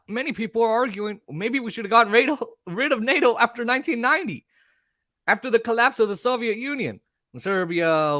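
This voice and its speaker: A man hosting a casual talk show, rambling and animated as he argues his point. His voice sits a bit high for a man. The sound is dry and close, with no room around it. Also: dry recording. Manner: animated, rambling, mimics voices mid-rant. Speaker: podcast host.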